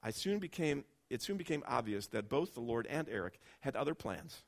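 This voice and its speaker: A man in a sermon reading a first-person story aloud, telling it expressively and going soft and low at tender moments. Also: big pitch swings, normal speed.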